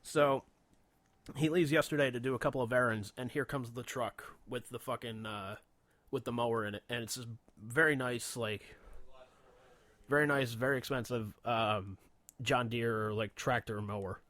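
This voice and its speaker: A man talks casually as a radio show co-host, winding through a story full of curse words, ums and throat clearing. His voice sits at an ordinary middle pitch. The sound is dry, with no room echo. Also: steady tone, normal speed, a bit bright. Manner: swears freely, rambling with frequent fillers and throat clearing.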